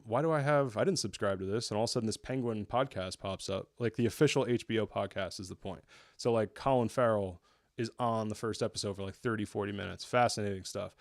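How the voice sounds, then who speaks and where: A man's voice: medium pitch, no room sound, studio quality. A young man from the New area, chatting casually and enthusiastically as a show reviewer, often restarting his sentences. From New York area. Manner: rambling, self-correcting, enthusiastic.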